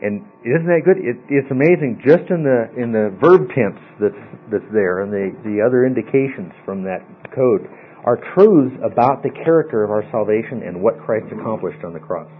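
A man with a mid-range, animated, slightly breathy voice teaches a Bible study class at a moderate pace. He patiently explains word meanings and keeps checking in with listeners, often asking "okay." The audio is tinny and phone-like, with a faint mains hum.

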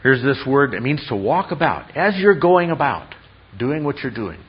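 A man's voice: mid-range voice, very animated, moderate pace, breathy edge. A man preaching an expository sermon as a pastor, teacherly, often checking in with rhetorical questions. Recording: dull lo-fi sound.

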